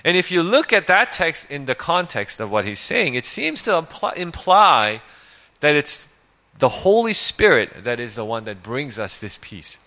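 A man's voice: a little high, sing-song, unhurried, sharp tone. A male preacher giving a conversational sermon, reading scripture and asking rhetorical questions.

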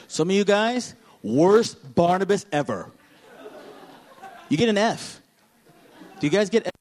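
A male pastor delivers an animated sermon in a voice that sits high, swinging between loud, emphatic passages and hushed, quiet ones.

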